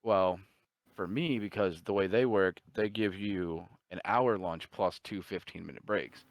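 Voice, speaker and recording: A young man co-hosting a podcast, telling stories in an animated, profane, casual way. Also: deep voice, a little slow, dry recording. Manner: animated, profane, swearing often. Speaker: podcast co-host and storyteller. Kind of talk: casual chat, storytelling.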